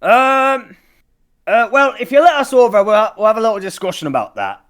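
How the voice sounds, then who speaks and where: A man's voice: very high voice, a bit bright, smooth, pitched above the performer's own voice. Man doing a folksy merchant sailor. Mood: bargaining. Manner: folksy, drawn-out hesitant drawl. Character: jolly male fruit merchant sailor.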